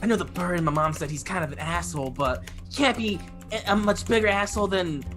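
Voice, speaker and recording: A man's voice: sits high, fairly quick, fairly bright tone, faint music behind. Casting: a man playing a naive, earnest young half-elf barbarian in a put-on American Southern accent. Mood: eager. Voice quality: eager, stammering, earnest.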